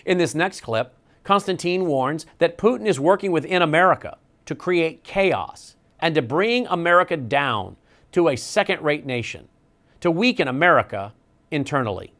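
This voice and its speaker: A man's voice: on the high side, lively intonation, moderate pace, a bit bright. A man narrating a documentary, introducing each clip.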